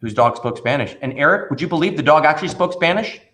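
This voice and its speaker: Animated male magician telling stories. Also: a little high, fast. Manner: animated storyteller, acts out voices in anecdotes. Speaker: magician and children's performer. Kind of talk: casual interview conversation.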